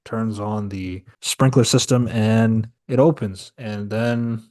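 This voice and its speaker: A man with a fairly low voice walks through a film's plot scene by scene. He is loose and conversational, often restarting his sentences as he tells the story. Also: steady tone, takes it slowly, mellow. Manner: storytelling, laid-back, many filler restarts. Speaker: podcast host reviewing a film. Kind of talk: casual scene-by-scene recap.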